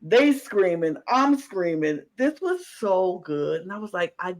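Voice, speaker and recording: Gushing high-voiced male podcast co-host. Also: measured pace. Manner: animated and gushing, acts out his own reactions. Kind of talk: casual reaction chat.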